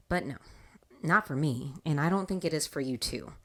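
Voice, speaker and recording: A woman hosting a casual faith talk show, telling a personal story in an animated way and laughing often. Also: sits low, fast talker. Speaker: podcast host.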